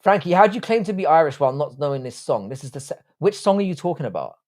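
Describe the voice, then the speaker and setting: A man's voice: a little high, very animated, quick pace, a little mellow. A man hosting a live stream, casually reading out chat and trading profane mock insults with viewers. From England.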